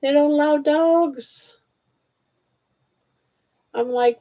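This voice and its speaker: A woman's voice: medium pitch, slow, vocal fry, highs cut off. An older woman hosting a casual home livestream, chatting with viewers and cooing at her pets. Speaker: livestream host. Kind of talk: casual chat while crocheting on a livestream.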